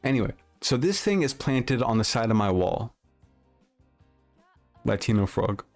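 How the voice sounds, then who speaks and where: A man's voice: medium pitch, big pitch swings, unhurried, faint music behind. A man livestreaming, chatting loosely with his viewers and telling a rambling, swear-laden story full of restarts. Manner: rambling anecdote with profanity and frequent restarts. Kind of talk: casual livestream chat, reacting to chat.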